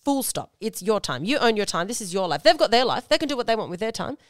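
A woman's voice: medium pitch, big pitch swings, fast talker, dry recording, clean studio sound. A woman hosting a casual advice podcast, slightly nasal today, emphatic and repeating her points with "okay?". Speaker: podcast host.

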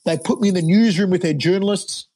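An Australian man in his forties, a fight commentator, telling animated stories as a guest on a podcast. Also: high voice, fast, a little hiss or hum. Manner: animated storyteller, laughs often. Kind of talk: podcast interview storytelling.

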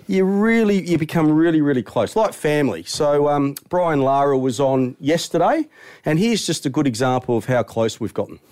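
A man co-hosting a radio show, telling stories in a chatty, easygoing way. He sits slightly high in the male range and laughs often between lines. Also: expressive, moderate pace, darkish tone. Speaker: radio co-host. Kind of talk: casual radio banter.

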